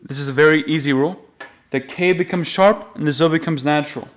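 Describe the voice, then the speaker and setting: A man giving a patient, step-by-step music lesson, explaining the rules and then slowly singing the note names. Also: on the high side. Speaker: music teacher.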